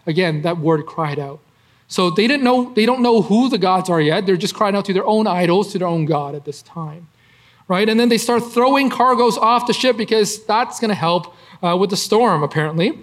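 In a high-sitting voice, a man teaches and preaches from a Bible passage as if in conversation. Fillers come often, along with tag questions like "right?".

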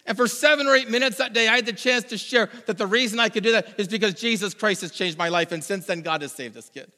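A man preaching a sermon, telling a personal story with animated delivery and mimicking other people. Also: high-pitched, fast. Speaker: pastor. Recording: long hall reverb.

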